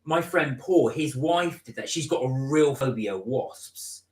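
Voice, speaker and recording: A man's voice: medium pitch, animated, unhurried, a little mellow, reverberant, far from the mic. A man co-hosting a casual live-stream vlog, chatty and rambling as he reads comments and tells stories. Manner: chatty, rambling, with laughs and retold anecdotes. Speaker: vlog co-host.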